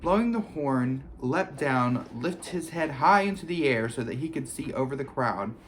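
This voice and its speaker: A man reading a children's fantasy novel aloud, expressive and storytelling. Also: mid-range voice, normal speed, a little hiss or hum. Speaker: reader. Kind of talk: audiobook reading.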